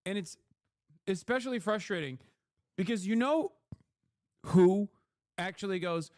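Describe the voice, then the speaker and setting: A high-voiced man ranting on a live stream, profane and mocking. His voice sits close and dry on the mic, with no room around it. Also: a little slow, long pauses, a little mellow, no echo.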